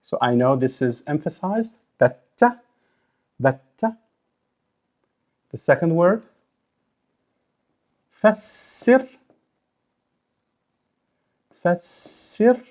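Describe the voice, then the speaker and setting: A man teaching a recorded language lesson, sounding out syllables slowly and deliberately. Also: medium pitch. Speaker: Arabic teacher.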